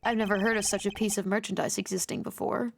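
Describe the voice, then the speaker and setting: A woman voicing a serious, formal male prosecutor in a measured, grave way, dropping below her usual voice. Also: medium pitch, fairly even intonation, gravelly, a little hiss or hum, voice pushed down, natural voice.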